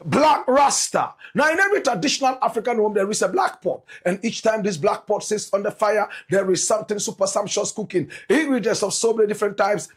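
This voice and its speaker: Flamboyant Ghanaian man, high husky voice. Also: animated, fast talker, few pauses. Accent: Ghanaian English. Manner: flamboyant, repetitive, preacher-like cadence. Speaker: show host. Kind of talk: energetic show intro and sponsor pitch.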